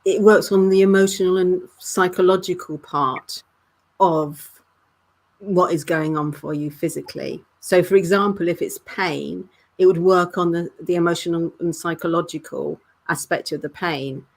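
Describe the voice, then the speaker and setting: A woman, a weight-loss coach calmly explaining her methods as a guest. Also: fairly low pitch, normal speed, creaky. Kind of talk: interview answers.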